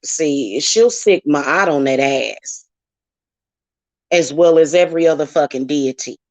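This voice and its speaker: With a low, darkish, unhurried voice, a woman confronts her critics in an angry vlog full of profanity. She's a spiritual reader running her own channel, and there's no echo on the audio.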